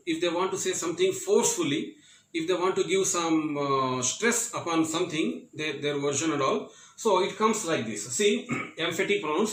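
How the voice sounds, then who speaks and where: A man teaching a grammar lesson in a classroom, repeating words and pausing with fillers as he explains step by step. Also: fairly high pitch, a bit bright, a little hiss or hum. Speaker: English teacher. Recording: roomy echo, from far off.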